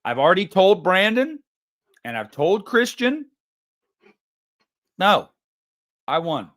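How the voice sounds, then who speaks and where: A man's voice: high voice, sing-song, slow, a bit bright. Mock-indignant man ranting casually. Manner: joking, mock-indignant, competitive rant. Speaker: podcast host. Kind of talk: casual chat.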